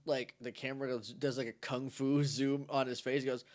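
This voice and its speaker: Animated man recapping a show. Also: mid-range voice, normal speed. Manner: animated, acts out characters' lines mid-story. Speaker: podcast co-host. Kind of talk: casual chat recapping a TV episode.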